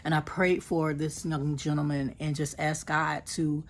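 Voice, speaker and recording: A woman's voice: low-pitched, flat delivery, unhurried. A woman from the United States, telling an earnest, emotional story about her mission trip in a casual vlog, with many fillers and restarts.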